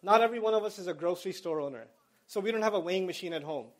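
A man's voice: high voice, very fast. A man giving an Islamic lecture to college students, conversational and explaining terms in plain everyday words, with emphatic storytelling.

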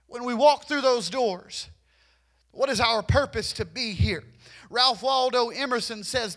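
A man delivers a sermon in a church, his voice very high and bright with a sharp edge. He urges the congregation again and again, stumbling over doubled words as he builds his point. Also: a little slow. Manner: repetitive, urging, stammers on restarts. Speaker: preacher.

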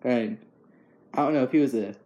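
A man's voice: mid-range voice, fairly quick, mellow, highs cut off. A young man chatting casually as host, easygoing and rambling, with frequent chuckles. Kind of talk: casual chat.

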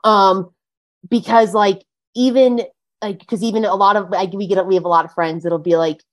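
A woman's voice: medium pitch, steady tone, moderate pace. A woman guest on a podcast, telling her story in a chatty, emphatic way with lots of filler words. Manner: chatty and emphatic, heavy use of "like". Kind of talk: casual conversational interview.

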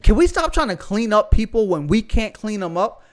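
A man's voice: sits high, sing-song, normal speed. A young man with a Southern US accent preaching fervently in a casual, slangy, conversational way. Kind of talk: podcast sermon.

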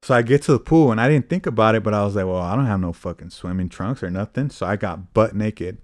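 A man's voice: lowish voice, quick pace, no room sound, clean studio sound. A young man casually telling drunken stories on a podcast, swearing freely and laughing as he goes. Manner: profane, laid-back storytelling with laughs. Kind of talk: casual storytelling chat.

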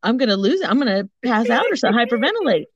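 A podcast co-host, an excitable woman with a high voice, rattles off a story in rapid-fire casual chat, laughing often and acting out the quotes. Crowd noise sits behind her dull, lo-fi audio.

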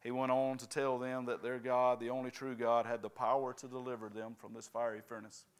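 A man's voice: medium pitch, flat delivery, fairly quick, smooth. A man preaching a sermon, constantly checking in with his congregation by asking "right?" and "amen?".

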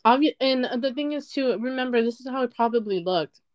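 A woman's voice: sits high, a little fast, dry recording. Rambling young woman, lo-fi recording. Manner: rambling, frequent "like", swears, heated frustration. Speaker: podcast host. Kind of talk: personal storytelling monologue. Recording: dull lo-fi recording.

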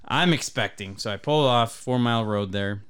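A man's voice: fairly low pitch, moderate pace, fairly bright tone, smooth. A man from Michigan, a podcast co-host, telling rambling, profane anecdotes in casual chat. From Michigan, USA.

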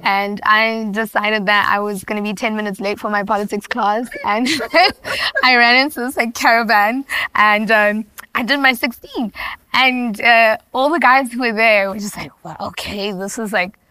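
A South African woman guest speaking in a smooth, crisp voice with a bright tone. She tells her story casually and easily, with light laughs between thoughts. The sound is dry and close. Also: fairly high pitch, steady tone, moderate pace, no room sound. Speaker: guest hip-hop artist. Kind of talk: casual interview chat.

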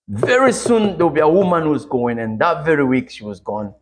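A man with a Congolese accent preaching a sermon, telling stories with lively energy and acting out prayers. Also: medium pitch, normal speed. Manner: animated storytelling, acting out prayers and street scenes.

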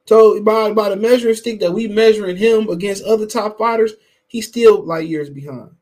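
A man's voice: sits high, moderate pace, darkish tone. A man hosting a boxing podcast, giving heated, profane casual commentary while greeting his live chat. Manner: profane, heated, emphatic and repetitive.

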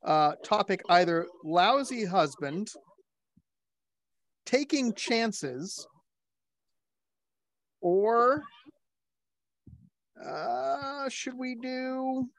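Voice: mid-range voice, expressive, extremely slow, pauses often, no room sound, clean studio sound. Joking, rambling podcast host. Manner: rambling, joking, many fillers and restarts. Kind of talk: casual group chat on a video call.

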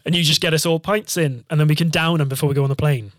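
Rapid-fire and fairly high-pitched, a young man's voice comes through dry and studio-clean. He's a band frontman hosting a podcast, animatedly recounting a travel story in casual monologue, cursing freely and performing other people's lines.

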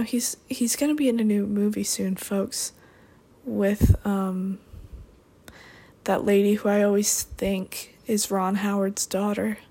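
A woman's voice: mid-range voice, creaky, warm tone. A young woman hosting a podcast, chatting in a rambling, playful way with sarcastic asides. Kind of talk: rambling comedic chat.

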